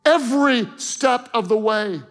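A man's voice: very high voice, a little slow, a bit bright, soft background music, pitched above the performer's own voice. A man voicing a loving divine father who speaks earnestly to his son in a sermon. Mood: urging. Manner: earnest, pleading, solemn.

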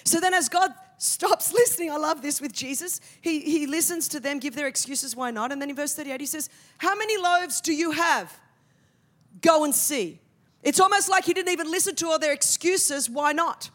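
A woman in her forties from Australia, preaching a sermon as a pastor with animated comic asides that build to loud declarations. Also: high-pitched, a little fast, few pauses.

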